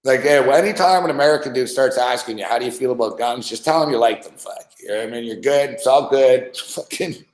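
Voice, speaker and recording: Recorded in an echoey room, a man hosting a podcast spins a loose, profane story, laughing repeatedly. He has a medium-pitched voice and talks fairly quickly.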